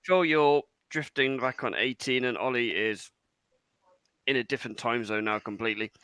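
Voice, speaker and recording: A man's voice: mid-range voice, moderate pace, fairly bright tone, clean tone, no room sound. A British man hosting a podcast, chatting easily and running the segments. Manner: easygoing, chatty, runs the segments. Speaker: podcast host. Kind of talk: casual chat.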